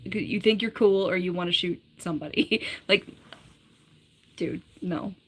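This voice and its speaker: Woman, livestreamer, casual live-stream chat, giggly, lots of "like", bright tone. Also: on the low side, unhurried, slightly rough. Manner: chatty, giggly, full of "like".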